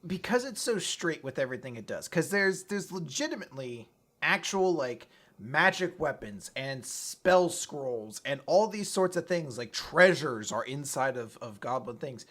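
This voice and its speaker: Excitable, high-voiced man. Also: unhurried. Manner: excitable, sarcastic, swears, raises his voice to make a point. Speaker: co-host. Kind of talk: casual chat.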